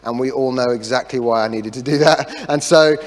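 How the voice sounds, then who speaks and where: A middle-aged man preaching a sermon as a pastor, telling a story in a chatty way with self-deprecating jokes and lively asides. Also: medium pitch, brisk. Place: church hall. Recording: long reverb of a church hall.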